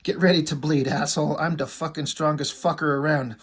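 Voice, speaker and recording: A man's voice: a little high, fairly even intonation, brisk, husky. A man voicing a foul-mouthed, boastful male lobster monster from a comic book who just wants to fight. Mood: aggressive. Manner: profane, brash, boastful.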